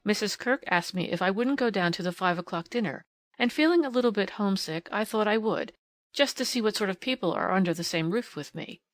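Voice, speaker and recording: Female audiobook reader, classic novel, mid pitch, dead-dry booth sound. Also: lively intonation, fairly quick, no room sound. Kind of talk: reading a classic novel aloud.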